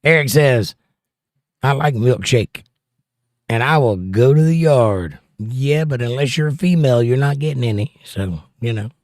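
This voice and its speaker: A man's voice: medium pitch, lively intonation, moderate pace, darkish tone, dry recording. Southern guy hosting a live stream, reads chat out and jokes back, plain dry sound. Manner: joking, reads viewer comments aloud and answers them. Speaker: livestream host. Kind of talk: casual chat.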